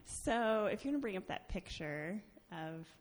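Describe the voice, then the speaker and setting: In a church sanctuary with the long reverb of a large hall, a woman shares a personal testimony with the congregation, telling it in a chatty way full of laughter and fillers. Her mid-range voice is expressive and moderately paced.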